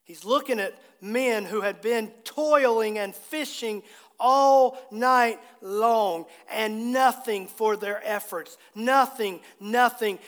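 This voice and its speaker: A male pastor with a very high voice preaches a sermon in a church sanctuary. He is earnest and repeats key phrases for emphasis. His voice rings with the long reverb of the church hall. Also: a bit bright.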